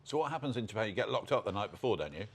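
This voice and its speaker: Male co-host, lowish voice, rapid-fire playful questions. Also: very animated, breathy edge. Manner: quick, playful questions and teasing. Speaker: co-host, interviewer. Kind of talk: casual chat.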